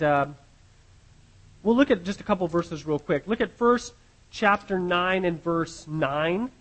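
A man's voice: high voice, low-quality recording. A man preaching a sermon as pastor, earnest and often repeating words as he restarts his phrases.

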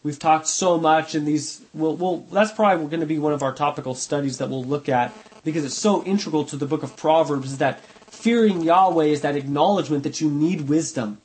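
A man with a fairly high voice leads a Bible study. He reads passages aloud and then explains them in an easy, conversational way. He circles back to the same points and often corrects himself mid-sentence. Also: brisk, few pauses, darkish tone, low-quality recording. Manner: conversational, repeats for emphasis, self-correcting. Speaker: Bible teacher.

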